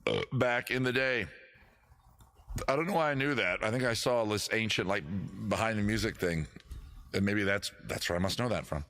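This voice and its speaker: A man with a baritone voice, hosting his own live stream and joking about himself in loose, rambling banter between songs. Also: moderate pace, fairly bright tone. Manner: self-deprecating, chatty, jokey. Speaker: host and guitarist of a live stream show. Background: his own guitar.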